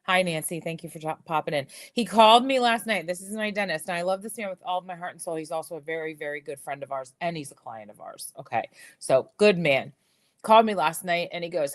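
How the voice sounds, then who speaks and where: A woman's voice: fairly low pitch, moderate pace. A middle-aged woman chatting casually on a live stream about jewelry, telling stories with lots of fillers and repeated words, with a slight whistle in her speech from a missing tooth. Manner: chatty, animated storytelling with frequent fillers and repeats.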